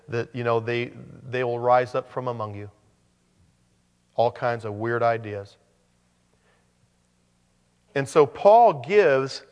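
A man preaching a sermon, animated, with joking asides and frequent restarts. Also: mid-range voice, big-room sound. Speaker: pastor.

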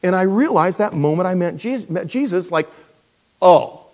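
Man teaching scripture, chatty and animated. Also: high voice, fairly quick. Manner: conversational, animated, with self-deprecating asides. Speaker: pastor. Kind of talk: verse-by-verse Bible teaching.

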